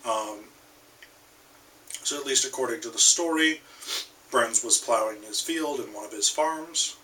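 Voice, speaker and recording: A man's voice: mid-range voice, measured pace, sharp tone, recorded from a distance, slight background noise, low-quality recording. An American man giving a casual recorded literature lecture, hesitant with many ums and restarts. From United States. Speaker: literature instructor.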